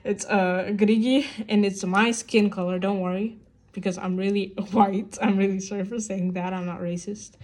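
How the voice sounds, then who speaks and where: A woman's voice: mid-range voice, steady tone, normal speed, darkish tone. A young woman venting in a casual get-ready-with-me vlog at home, rambling with lots of fillers. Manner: rambling, heavy on fillers like "like" and "you know"; upset and venting. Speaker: vlogger. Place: at home indoors.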